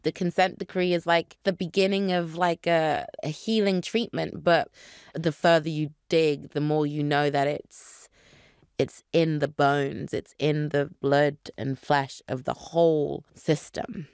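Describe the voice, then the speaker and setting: A woman's voice: sits low, unhurried, smooth, dry recording, clean studio sound. A woman with a British accent who grew up in the UK, talking earnestly and reflectively as a guest on a podcast interview. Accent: British English. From Nigeria, grew up in the UK. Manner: earnest, reflective, animated when indignant. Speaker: actor guest.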